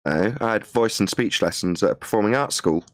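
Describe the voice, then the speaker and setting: Low-voiced man with a mild Midlands accent. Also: brisk, no echo. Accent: mild English Midlands. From England. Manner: chatty, laughs between points. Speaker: podcast co-host. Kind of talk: casual chat.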